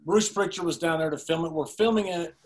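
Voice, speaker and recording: A man with a somewhat high voice tells a story as a guest in a podcast interview. He gets animated and laughs as he goes, keeping up a lively storytelling flow. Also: fairly quick.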